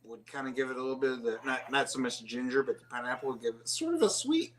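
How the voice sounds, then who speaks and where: A man's voice: mid-range voice, fast talker. A man co-hosting a casual beer live stream, talking bluntly and laughing a lot. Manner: animated, blunt, laughs often. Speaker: co-host.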